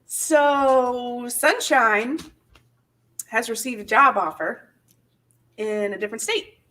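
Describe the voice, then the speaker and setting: A woman's voice: on the high side, slow pace, pushed and bright, slight background noise. A woman hosting a casual live-stream chat, chatty and laughing often, with many fillers. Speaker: channel host.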